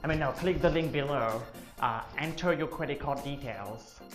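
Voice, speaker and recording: Man putting on a flashy get-rich guru, hyped pitch, roomy echo. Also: moderate pace, music in the background, lightly acted.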